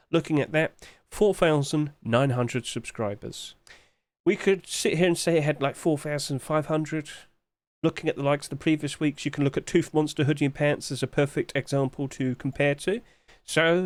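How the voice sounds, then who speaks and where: A man's voice: a little high, no echo. A man who hosts a commentary channel and thinks aloud in a chatty way while talking through sales figures. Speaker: game market analyst. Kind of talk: screen-share commentary.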